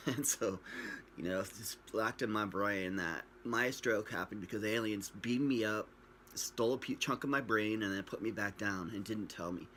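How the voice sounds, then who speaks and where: A man with a fairly low voice tells his own story to a camera at home, rambling and joking as he acts out what people said. He is recorded on a built-in camera mic, with a faint hiss behind him. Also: normal speed, sharp tone. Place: at home, facing a screen camera.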